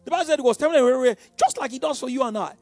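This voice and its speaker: A man preaching a sermon, calling out questions to the congregation and swinging from hushed tones to shouts. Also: very high voice, rapid-fire, dry recording, soft background music.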